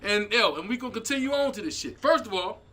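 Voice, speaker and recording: A man comedian hosting his own show, telling stories in an animated way, acting out the people he quotes and shouting at the big moments. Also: high-pitched, fast, background noise. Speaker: comedian host. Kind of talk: energetic stand-up style commentary.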